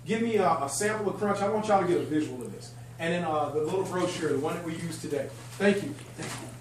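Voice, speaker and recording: A man giving a lively, excitable sales training talk to a live group, chatting and joking with the room. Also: a little high, fast. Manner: energetic, excitable, chatty, jokes with the audience. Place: function room at a country club event. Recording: echoey room, distant mic, faint hum.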